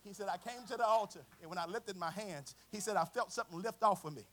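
A man preaching a sermon, swinging from a quiet storytelling voice to chanted, shouted climaxes. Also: sits high, quick pace. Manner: chanting, shouted climaxes with congregational call and response; drops to a quiet conversational storytelling voice.

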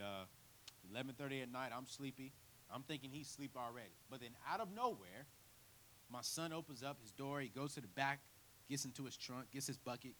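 A man preaching a sermon in church, telling his own story with big swings from quiet to near shouting. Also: medium pitch, a little hiss or hum, low-quality recording. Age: 30s. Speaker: guest preacher. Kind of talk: sermon with personal testimony.

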